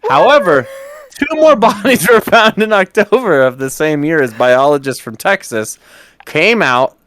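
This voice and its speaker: A man's voice: fairly high pitch, very animated, a little slow, a bit bright. A man co-hosting a podcast, reading aloud and tripping over hard words, then laughing and swearing at himself. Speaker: podcast co-host. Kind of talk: casual podcast chat and reading.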